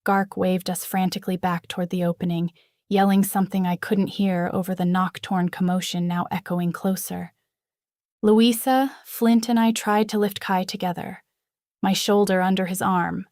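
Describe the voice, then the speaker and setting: A woman reading a first-person fantasy novel aloud in a dramatic, expressive way. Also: lowish voice, normal speed, dry recording, studio quality. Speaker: audiobook narrator.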